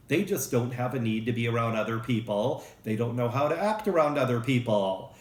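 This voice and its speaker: A man's voice: medium pitch, normal speed, darkish tone. A man giving a casual psychology lecture, joking and acting out short examples. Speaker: psychology professor. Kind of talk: recorded lecture. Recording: roomy echo.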